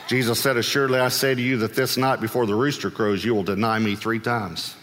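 Bright-voiced preacher in a reverberant hall. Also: male voice, medium pitch, steady tone, fairly quick. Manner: humorous, acts out Bible voices, bursts into shouts. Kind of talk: sermon.

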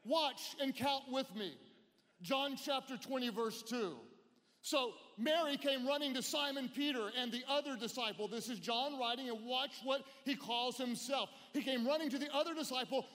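An animated male preacher delivers a sermon and draws his listeners into call-and-response. His voice sits high, and a long reverb hangs after his words in a large church hall. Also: moderate pace.

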